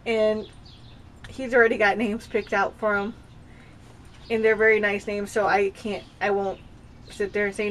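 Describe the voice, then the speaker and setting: A woman's voice: mid-range voice, level tone, moderate pace, a little hiss or hum. Rambling confessional woman in her thirties. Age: 30s. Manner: rambling and confessional, with frequent restarts. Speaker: vlogger. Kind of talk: casual personal vlog. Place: home with dogs nearby.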